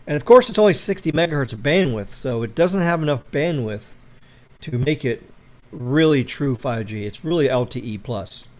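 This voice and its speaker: A man's voice: medium pitch, lively intonation, normal speed, a little mellow. A man hosting a livestream, chatting loosely, answering viewer comments and explaining wireless technology in a rambling way. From United States. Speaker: tech livestream host. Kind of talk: casual livestream chat.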